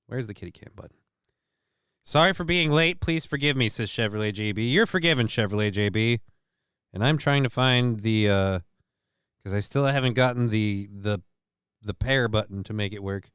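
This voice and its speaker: A man's voice: lowish voice, unhurried, pauses often, fairly bright tone, clean tone, no echo, clean studio sound. A man hosting a casual comedic news stream, rambling and sarcastic and swearing freely. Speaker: host.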